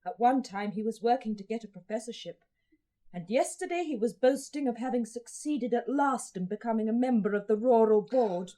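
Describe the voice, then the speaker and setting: A woman's voice: fairly high pitch, normal speed, dark tone, close to an everyday voice. An actress in a vintage radio play voicing a weary, despairing young woman in her twenties who talks tearfully and keeps breaking into sobs. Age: 20s.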